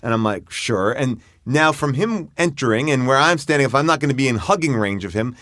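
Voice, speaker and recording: A man's voice: mid-range voice, brisk, no echo. A man telling a story in casual podcast chat, his voice sitting in an ordinary middle register. He acts out the other characters' lines as he goes. The sound is dry and close, with no room around it. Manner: animated anecdote, acting out other people's voices. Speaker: podcast guest.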